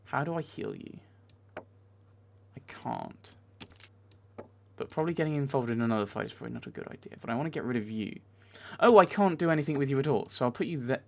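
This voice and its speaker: A man's voice: medium pitch, animated, a little fast, creaky, pauses often, darkish tone. A man giving let's play commentary, talking back to the game characters and getting easily exasperated. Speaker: video game player.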